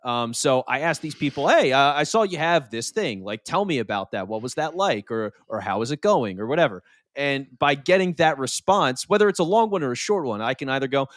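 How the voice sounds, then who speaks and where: Male podcast guest, energetic and conversational, mid-pitched, dry studio sound. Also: fairly quick, dry recording. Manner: energetic, conversational, repeats words as he starts phrases. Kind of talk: casual conversational interview.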